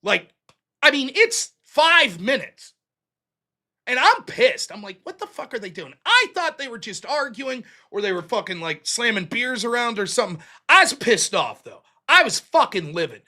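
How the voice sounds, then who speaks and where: A man's voice: very high voice, very animated, normal speed, pushed and bright. A middle-aged American man hosting his show, telling a long story in a casual, profane way and acting out the quotes. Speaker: host.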